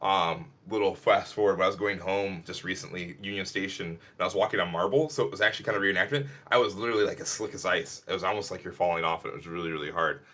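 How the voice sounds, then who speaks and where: Guy from illinois rambling through a story on a podcast, kinda low voice, bright tone. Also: fast talker, hardly any pauses. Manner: animated, rambling, acts out quotes in a higher voice. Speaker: podcast co-host. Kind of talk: casual storytelling chat.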